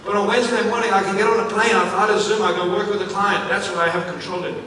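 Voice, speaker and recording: Male motivational speaker, high-pitched, punchy and repetitive, recorded from a distance in a big echoey hall. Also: fast, slight background noise. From Africa. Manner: energetic, repetitive, asks the audience questions. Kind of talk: live keynote speech to an audience. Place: large event venue, on stage. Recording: echoey hall, mic at a distance, faint ambience.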